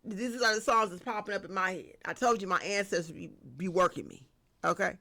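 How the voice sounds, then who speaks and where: A woman giving a casual spiritual tarot reading, lively and slangy, talking straight to her viewers. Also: mid-range voice, brisk. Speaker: tarot reader.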